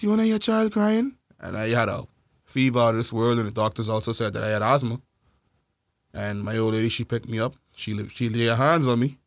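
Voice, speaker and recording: A man co-hosting a casual podcast, telling a personal story and bantering, laughing loudly and slipping into playful voices. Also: medium pitch, dry recording, studio quality. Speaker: podcast co-host.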